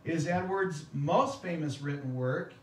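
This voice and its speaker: A pastor preaches a conversational sermon in an echoey church, asking the congregation questions. His voice is fairly high and a little slow. The recording is echoey and taken from a distance.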